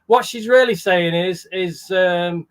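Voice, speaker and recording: A man's voice: sits high, takes it slowly, smooth. A man hosting a charity livestream in a casual, chatty way, greeting viewers by name. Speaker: livestream host.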